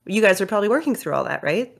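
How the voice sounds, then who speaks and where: A woman's voice: mid-range voice, very animated, racing, gravelly. A woman chatting casually on a podcast, laughing often and swearing casually. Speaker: podcast co-host. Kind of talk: casual chat.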